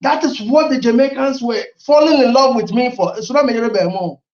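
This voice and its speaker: A man's voice: very high voice, brisk, roomy sound, highs cut off. A middle-aged man from Ghana with a Ghanaian accent, telling stories as an interview guest, mixing languages and laughing often. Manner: mixes languages, laughs often, animated storytelling. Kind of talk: casual interview talk.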